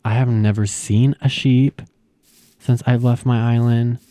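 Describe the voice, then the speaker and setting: A young man commentating his own video game play, excitable, gasping and squealing at the animals he finds. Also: mid-range voice, slow pace, long pauses, noisy background. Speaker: gaming channel host. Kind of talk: gameplay commentary.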